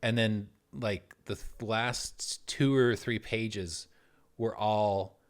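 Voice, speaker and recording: A man's voice: on the low side, fairly even intonation, slow, smooth. A young man co-hosting a podcast with a dry, understated, wry way of talking. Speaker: podcast co-host. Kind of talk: casual chat.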